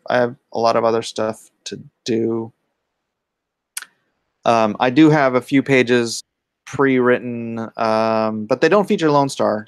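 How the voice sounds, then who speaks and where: A man with a gravelly, creaky voice hosts a relaxed livestream, reading chat questions aloud and answering offhandedly. He mutters quiet asides while fiddling with his setup, and the sound is close and dry. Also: mid-range voice, no room sound. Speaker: comic artist hosting a livestream.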